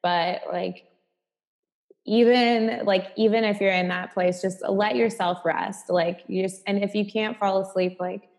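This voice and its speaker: Gravelly-voiced woman, heartfelt and chatty. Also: mid-range voice, steady tone, measured pace, a little mellow. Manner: heartfelt, leans on "like" as filler. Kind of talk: casual chat.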